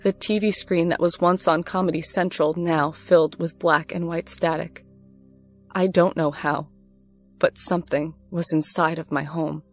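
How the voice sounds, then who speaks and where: A woman reading a first-person horror story aloud in a measured storytelling delivery. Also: sits low, fairly even intonation. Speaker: narrator. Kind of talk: scripted horror story narration. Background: faint music.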